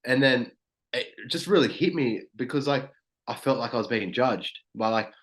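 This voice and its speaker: Young man, podcast guest, casual, rambling, swears a lot, medium pitch. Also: expressive, normal speed, fairly bright tone. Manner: loose, heavy on "like" and swearing.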